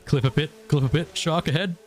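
A man's voice: fairly high pitch, fairly even intonation, fairly quick, over loud music. Playful laughing male streamer. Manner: laughing, playful, talks in a pirate growl. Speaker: streamer in a roleplay game. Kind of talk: casual gaming chat.

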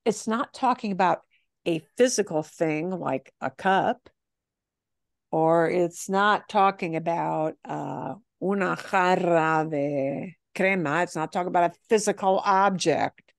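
A woman teaching a language class, explaining phrases patiently and modeling them slowly. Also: fairly low pitch, vocal fry, no room sound, clean studio sound. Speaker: Spanish teacher.

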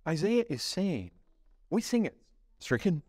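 Male pastor, sermon delivery, fairly high voice, dry close-miked sound, animated. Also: unhurried, no room sound. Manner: animated preaching, swings between loud exclamations and hushed low lines.

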